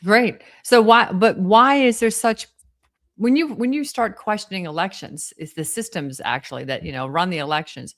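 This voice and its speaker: Female host, middle register, lively interviewer with long questions. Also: mid-range voice, moderate pace. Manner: animated, long rambling questions. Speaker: show host.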